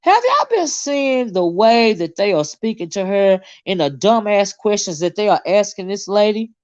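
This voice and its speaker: Animated, indignant woman livestreaming. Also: medium pitch, moderate pace, no room sound, lo-fi sound. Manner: animated, indignant, swears freely, reads chat aloud. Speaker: livestream host. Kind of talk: casual livestream chat.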